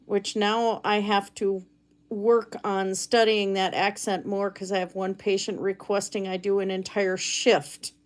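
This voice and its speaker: A woman's voice: mid-range voice, little pitch movement, measured pace. A woman live streaming from her cabin, chatting casually and reading viewer comments aloud while she makes chainmaille jewelry. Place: home cabin.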